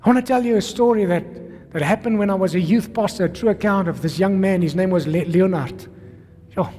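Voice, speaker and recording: A South African man, a pastor, preaching an energetic sermon full of rhetorical questions and calls to the congregation. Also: sits high, brisk, faint music behind. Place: church. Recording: long reverb of a church hall.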